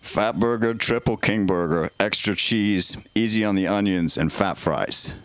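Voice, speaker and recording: A man doing a gruff fast-food order caller. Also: lowish voice, wildly swooping pitch, fairly bright tone, slight background noise, voice pushed down, heavily acted. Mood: brusque. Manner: barking out menu orders.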